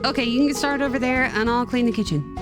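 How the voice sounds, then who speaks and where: A woman's voice: on the high side, fast, music in the background, close to an everyday voice. A woman voicing a flustered, shy young woman with a hesitant, eager way of talking.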